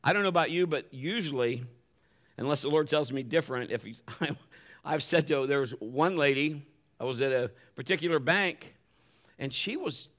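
A man's voice: fairly high pitch, normal speed, a bit bright. A pastor preaching a sermon in a conversational way, acting out the voices he quotes.

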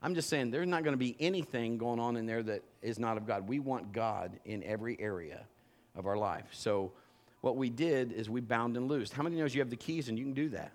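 A male pastor preaching a sermon with an animated delivery that swings from loud bursts to low, intimate tones.

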